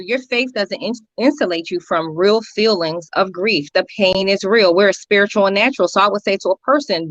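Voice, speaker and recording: A woman guest counselor talking earnestly in an interview, telling stories with lively repetitions. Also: mid-range voice, dry recording. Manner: earnest, animated storytelling with repetitions. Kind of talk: conversational interview talk. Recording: dry, dull lo-fi audio.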